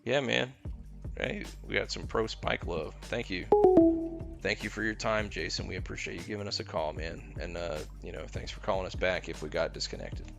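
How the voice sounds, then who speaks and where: A man's voice: low-pitched, moderate pace, vocal fry, loud music behind the voice. A man with a Texan accent hosting a call-in show, laid-back and joking, chummy with his callers. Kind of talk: casual call-in chat.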